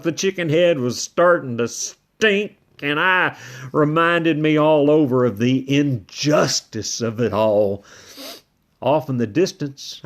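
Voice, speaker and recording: A man's voice: on the high side, fairly bright tone. A man giving first-person storybook narration as a ranch dog, folksy in manner. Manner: folksy, slow-paced telling as a ranch dog. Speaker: audiobook narrator.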